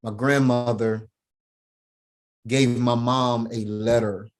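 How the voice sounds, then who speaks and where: A man's voice: mid-range voice, level tone, slow pace. Emphatic storytelling man. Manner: emphatic, repeats "right?" and "man". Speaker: podcast guest. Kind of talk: personal storytelling in an interview.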